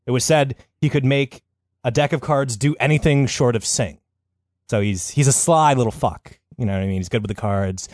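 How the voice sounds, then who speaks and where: A man's voice: mid-range voice, moderate pace, darkish tone, no room sound, studio quality. Crude joking podcast host, man. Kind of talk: comedic podcast storytelling.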